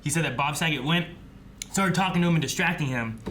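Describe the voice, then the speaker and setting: Bright-voiced man telling stories. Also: a little high, fast, slight background noise. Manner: animated storyteller, laughs while telling. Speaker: reaction show co-host. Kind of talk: casual chat.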